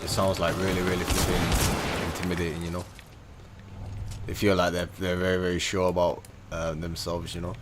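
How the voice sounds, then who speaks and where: A low-pitched man with a Manchester accent, chatting loosely on a game livestream and full of ums and uhs. Music plays clearly underneath his voice. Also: little pitch movement, moderate pace. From Manchester, England. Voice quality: chatty, filler-heavy. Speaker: streamer. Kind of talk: casual game livestream chat.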